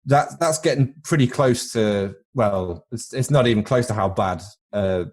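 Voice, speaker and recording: A man with British English speech, medium pitch, and a slightly mellow tone talks at a measured pace. As co-host of an informal film podcast, he jokes around, rambles, and repeats words mid-thought.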